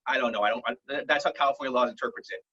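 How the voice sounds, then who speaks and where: Self-mocking comedian on a muffled call. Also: male voice, mid-range voice, rapid-fire. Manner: self-deprecating, rambling deadpan jokes. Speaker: stand-up comedian. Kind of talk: stand-up set over a video call. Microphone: video call. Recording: muffled lo-fi online call audio.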